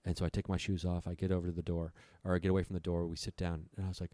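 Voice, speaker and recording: Male guest, low voice, profane storyteller, dry mic. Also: level tone, very fast, few pauses, mellow, no room sound. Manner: profane, breathless retelling. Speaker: podcast guest. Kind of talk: storytelling on a comedy podcast.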